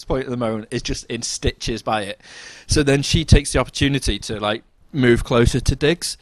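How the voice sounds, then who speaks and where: A man's voice: normal speed, hardly any pauses, no room sound. Man, podcast co-host, casual storytelling, dry close sound. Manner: animated, jumps into high-pitched quoted voices.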